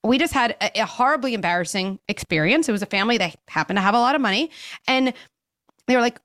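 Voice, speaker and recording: A woman's voice: mid-range voice, lively intonation, brisk, a bit bright. A woman child psychologist speaking emphatically as a podcast guest, acting out little bits of parents and kids as she explains. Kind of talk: podcast interview.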